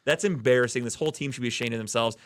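Male podcast host from the Cleveland area, heated and profane sports rant, mid-pitched voice, dry close recording. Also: racing, no echo.

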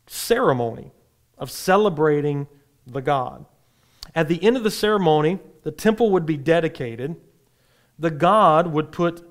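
A man teaching a Bible class, explaining in a relaxed, explanatory way with frequent fillers. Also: on the high side.

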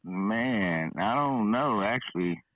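A man's voice: lowish voice, lively intonation, slow pace. A man in his thirties from San Francisco, calling in with laid-back, slangy chat. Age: 30s. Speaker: phone caller. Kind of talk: casual chat. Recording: tinny phone line.

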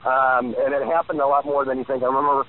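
A man's voice: mid-range voice, flat delivery, fast. A man in his forties giving rambling interview answers, full of fillers and restarts. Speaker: guest. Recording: tinny phone line.

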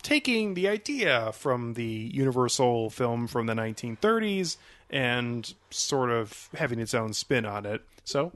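A man's voice: mid-range voice, sing-song, unhurried, a bit bright. A man hosting a film podcast in casual chat, joking and laughing often. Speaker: podcast host.

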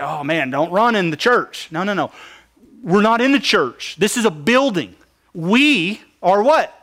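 A man's voice: high-pitched, fairly bright tone. A man preaching a sermon, asking the congregation questions and answering them with emphasis. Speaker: pastor.

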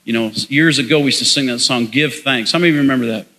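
A man's voice: medium pitch, racing, sharp tone. Pastor guy preaching, gets the crowd to repeat after him, big echoey sanctuary. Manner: call-and-response preaching, breaks into song. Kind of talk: sermon.

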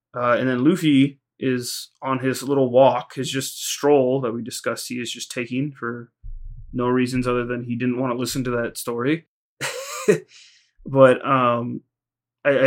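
A male podcast co-host with an ordinary middle-pitched voice, talking fast and loose. He circles his points, restarts, and acts out characters' lines as he retells a plot. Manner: rambling, heavy use of "like", retells scenes in quoted voices. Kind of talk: casual recap chat.

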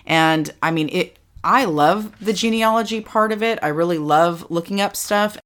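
A middle-aged woman talking casually and telling stories in an animated, chatty way. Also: fairly low pitch, moderate pace. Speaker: co-host. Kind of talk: casual chat.

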